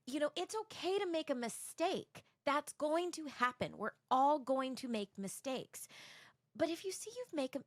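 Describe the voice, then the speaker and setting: A woman co-hosting a casual podcast, telling a story with lively energy and acting out the people in it. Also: high voice, no room sound, studio quality. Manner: animated storyteller, acts out quoted people. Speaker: podcast co-host.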